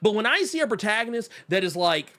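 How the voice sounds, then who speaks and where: A man's voice: sits high, quick pace. A male podcast co-host in loose, casual chat. His voice leaps up and down as he rants, and he drops into mocking impressions of characters. He swears freely. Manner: animated, profane, acts out characters mockingly.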